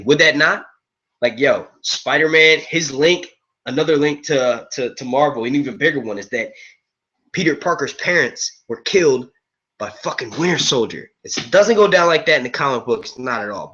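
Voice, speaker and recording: Male stream host, loose profane chatter, bright edgy voice, dull lo-fi audio. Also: on the high side, animated, moderate pace. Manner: rambling, profane, casual, says "yo" a lot. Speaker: host of a movie and TV review stream. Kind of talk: live-stream chat with viewers.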